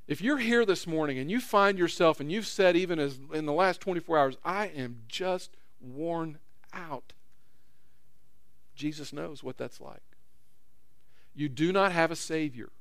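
A man's voice: fairly high pitch, clear, resonant tone, dry recording, clean studio sound. A man preaching a sermon in a conversational way, acting out quotes with rising intensity. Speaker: pastor.

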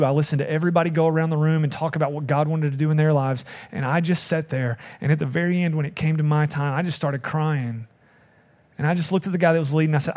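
A man's voice: fairly high pitch, darkish tone. A middle-aged man preaching a sermon, earnest and building to emphatic appeals to the congregation. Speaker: pastor.

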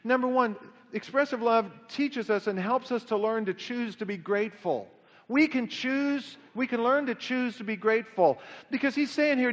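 Man preaching, kinda high voice, long echo, dull lo-fi sound, acts out the quotes. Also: normal speed. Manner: animated preaching with dramatic pitch swings and acted-out quotes. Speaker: pastor. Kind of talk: sermon.

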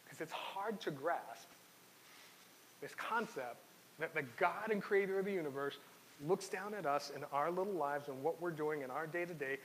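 A man's voice: a little high, animated, normal speed, fairly bright tone. A man preaching a sermon in an earnest, personal way, reading scripture aloud and telling his own story. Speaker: pastor. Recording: long hall reverb with faint hiss.

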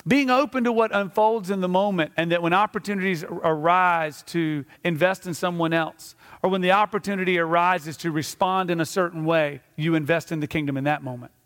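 High-voiced preacher in a reverberant hall. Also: male voice, brisk, hardly any pauses. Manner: animated storytelling, acting out scenes. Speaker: pastor. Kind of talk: sermon. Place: church sanctuary. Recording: reverberant church sanctuary.

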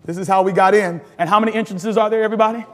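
A man's voice: sits high, fairly even intonation, racing, fairly bright tone, big-room sound. A man pastor teaching a sermon with call-and-response, laughing often and building to sudden emphatic rises.

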